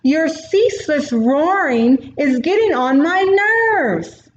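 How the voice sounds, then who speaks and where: A woman's voice: high voice, lively intonation, takes it slowly, a little hiss or hum, pitched above the performer's own voice. A woman voicing a small, cheeky male warthog who talks snappily and rudely, in a storybook reading. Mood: irritated. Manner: snappy, rude. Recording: roomy, dull recording.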